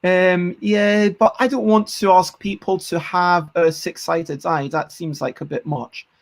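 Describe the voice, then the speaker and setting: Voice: mid-range voice, fairly even intonation, unhurried, gravelly. A streamer hosting a casual game design session, thinking aloud and counting out numbers. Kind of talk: casual live-stream chat.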